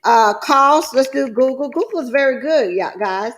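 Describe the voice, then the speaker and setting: A woman's voice: sits high, expressive, moderate pace, slight background noise. A middle-aged woman, walking viewers through online business forms in a folksy, chatty way. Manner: folksy, chatty, calls viewers guys and child. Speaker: trucking business coach. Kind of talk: screen-share tutorial.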